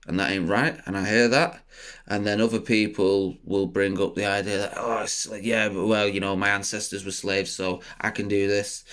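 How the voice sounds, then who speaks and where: Rambling man, low voice. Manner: laughs at his own jokes, bursts into loud high outbursts; rambling, swearing, many fillers. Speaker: comedian. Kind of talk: sit-down comedy storytelling.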